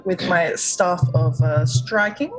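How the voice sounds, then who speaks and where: A woman playing in a tabletop game, calling out her moves in a matter-of-fact, deadpan way. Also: lowish voice, slow, faint music behind, poor audio. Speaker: player. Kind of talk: casual chat.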